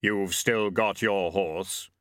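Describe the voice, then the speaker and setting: A man doing Death, a slow grave reaper. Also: low voice, steady tone, fairly bright tone, dry recording, clean studio sound. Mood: solemn. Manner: slow, solemn and heavy. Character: Death, grave ancient male skeletal reaper.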